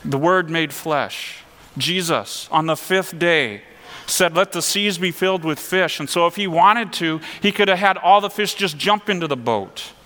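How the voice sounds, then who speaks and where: A man's voice: on the high side, animated, unhurried, pushed and bright, in a large hall. A man preaching a sermon in an earnest, conversational way, asking his listeners questions. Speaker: pastor.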